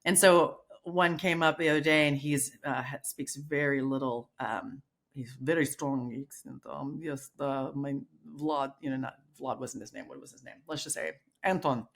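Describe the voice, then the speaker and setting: A woman's voice: a bass voice, moderate pace, creaky. A middle-aged woman co-hosting a podcast in casual chat, telling stories with lots of restarts and acted-out quotes. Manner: animated storyteller, many restarts and acted quotes. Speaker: podcast co-host.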